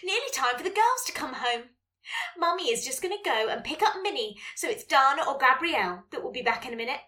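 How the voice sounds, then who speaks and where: A playful two-year-old family dog chatters through its day like a diary entry, voiced by a woman, breaking into excited barks. The voice is high, bright and bouncing all over the place. It sounds a little far from the mic. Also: fast, exaggerated voice.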